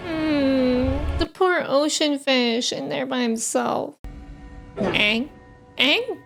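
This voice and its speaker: A woman's voice: high voice, gravelly, over music. Emotional woman gushing over a show. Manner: expressive, gushing fan, quick to outrage and tears. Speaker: reaction video host. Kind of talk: emotional reaction commentary. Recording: show audio playing under her voice.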